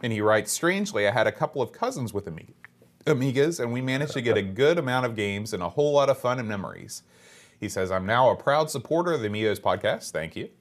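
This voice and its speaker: Man, podcast host, relaxed chat, reading listener letters, mid pitch. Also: fast. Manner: relaxed, chatty, frequent uh fillers, reads emails aloud.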